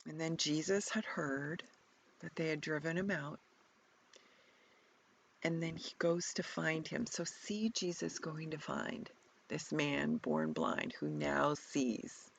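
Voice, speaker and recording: Woman leading a guided Bible contemplation, slow and reflective, gravelly voice. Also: low voice, expressive. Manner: slow, reflective, prompting questions, at times whispered. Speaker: retreat leader guiding contemplation.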